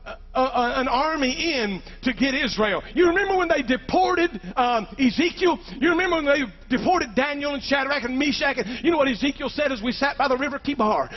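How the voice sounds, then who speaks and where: A man preaching with fervor, his voice pitched unusually high for a man. He keeps calling out to the congregation as he preaches. The recording sounds dull and lo-fi. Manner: fervent, calls out to the congregation. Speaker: pastor. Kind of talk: preaching a sermon.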